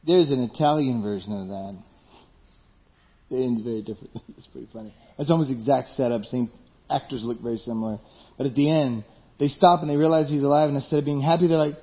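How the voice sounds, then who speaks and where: A man's voice: on the high side, expressive, brisk, highs cut off. A male pastor preaching a conversational sermon, joking and asking the listeners questions.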